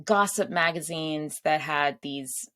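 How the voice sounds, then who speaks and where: Woman hosting her own podcast, slow easy chat, pokes fun at herself. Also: low voice, a bit bright. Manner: chatty, laughs at herself, drifts into asides. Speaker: podcast host. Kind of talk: casual solo chat.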